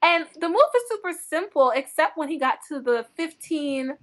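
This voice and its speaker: A young woman from North Dakota, a book blogger guest telling animated stories in casual interview chat, laughing often. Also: sits high, moderate pace.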